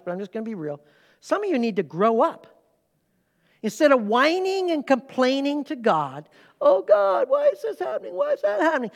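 Man, pastor, sermon, emphatic preaching, loud-to-hushed swings, long hall reverb. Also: extremely high pitch.

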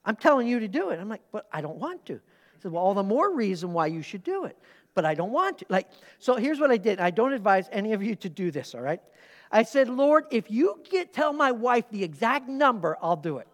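A man preaching in a church, his voice carrying a long reverb through the large hall. He talks in an animated, conversational way, breaking off for quick asides and questions to the congregation. He tells personal stories from the pulpit. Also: sits high. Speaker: pastor. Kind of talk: sermon with personal storytelling. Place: church sanctuary during a service.

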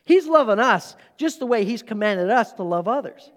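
Man, middle-aged, pastor, sermon, high voice, emphatic, conversational, reverberant hall. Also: lively intonation, moderate pace. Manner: emphatic, conversational, rising to strong stress. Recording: long reverb of a large hall.

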